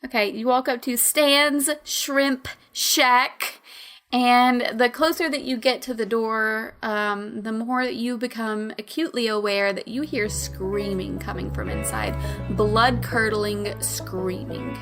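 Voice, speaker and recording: A woman narrating a tabletop role-play game as game master, relaxed and casual, with fillers and laughs. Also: on the high side, slow, faint music behind.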